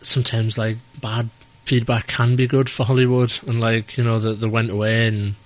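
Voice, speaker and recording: A man's voice: medium pitch, flat delivery, moderate pace. A man with a mid-range voice co-hosts a podcast. He talks in a laid-back, rambling way, leaning on "like" and "um". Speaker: podcast co-host. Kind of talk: casual chat.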